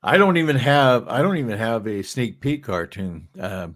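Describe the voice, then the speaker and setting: A man's voice: mid-range voice, very animated, normal speed, a bit bright. A man, a political cartoonist, chatting casually and agreeing with his co-host in plain terms.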